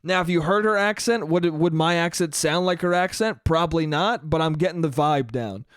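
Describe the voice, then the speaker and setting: A young man talks alone into a podcast mic, swearing freely and rambling. He often breaks off mid-sentence and restarts. His voice sits fairly high, and the sound is dry and close. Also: a little fast, smooth, no room sound. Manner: profane, rambling, self-interrupting. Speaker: podcast host. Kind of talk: solo comedic podcast monologue.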